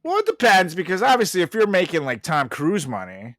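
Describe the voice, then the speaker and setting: A man's voice: high voice, huge pitch swings, a little fast, a bit bright, no echo, clean studio sound. A man co-hosting a podcast, chatting casually, rambling, laughing often and swearing freely. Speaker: podcast co-host. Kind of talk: casual chat.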